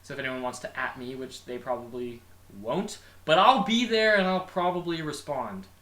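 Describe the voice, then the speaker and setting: A man's voice: on the high side, lively intonation, normal speed, fairly bright tone. A man co-hosting a podcast in casual chat, laid-back and self-deprecating. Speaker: podcast co-host. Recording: echoey room.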